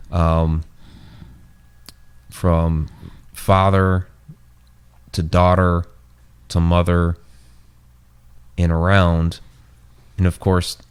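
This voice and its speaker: Man, very deep voice, podcast host, rambling, lots of fillers, voice wearing out. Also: darkish tone, smooth. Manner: rambling, many fillers and restarts. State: losing his voice. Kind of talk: casual podcast chat.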